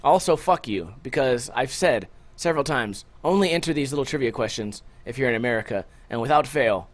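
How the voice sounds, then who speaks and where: A man's voice: medium pitch, expressive, brisk. A man hosting a podcast alone, rambling casually and joking with a lot of swearing, short on sleep. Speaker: podcast host. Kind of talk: casual solo podcast chat.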